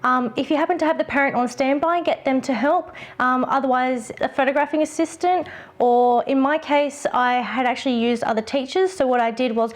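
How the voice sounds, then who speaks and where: Chatty, fairly high-voiced woman vlogger. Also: steady tone, a little fast. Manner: chatty, with many ums and restarts. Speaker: photography vlogger. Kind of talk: casual tutorial talk.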